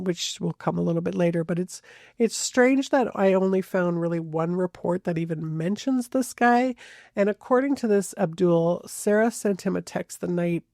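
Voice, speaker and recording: A podcast host tells a true crime case in a loose, chatty way, often hedging and backing up mid-sentence. The voice has a gravelly, fry-heavy texture. The recording is dry and close, with no room sound. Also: mid-range voice, a little mellow, no room sound. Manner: conversational, hedging, frequent restarts. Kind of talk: casual true crime narration.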